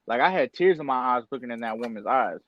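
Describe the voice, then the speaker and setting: A man's voice: mid-range voice, lively intonation, fast talker, dry recording, dull audio. Young man telling a heartfelt story. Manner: emotional, candid storytelling with slang. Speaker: podcast co-host. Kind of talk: casual podcast chat.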